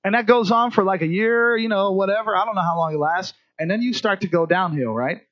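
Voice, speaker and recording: A male pastor with a notably high voice delivers a sermon in a loose, conversational way. He keeps turning to the congregation with "right?" and restarts his sentences often. The recording sounds dull and lo-fi. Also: brisk.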